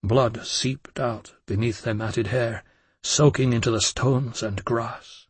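Male narrator, husky, mid-pitched, measured and intense, dry close sound, for dark first-person audiobook narration. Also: fairly even intonation, dry recording.

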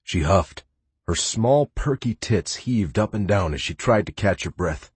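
A man's voice: lowish voice, animated, unhurried, husky, no room sound. A man giving first-person audiobook narration in a sarcastic, playful and brash manner.

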